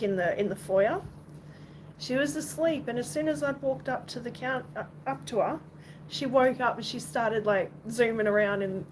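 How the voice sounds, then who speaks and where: A young Australian woman from Western Australia chatting casually on a livestream at home, rambling and swearing now and then, and talking to her cat. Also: medium pitch. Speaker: livestream host. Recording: noisy background.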